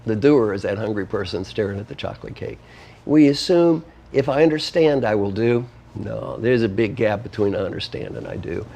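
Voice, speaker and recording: A man's voice: fairly low pitch, lively intonation, moderate pace, vocal fry, warm tone, muffled recording. A man speaking as an interview guest, explaining ideas in an emphatic, teacherly way and working through numbered points. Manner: emphatic, list-driven, teacherly. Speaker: guest author and coach. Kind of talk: conversational interview.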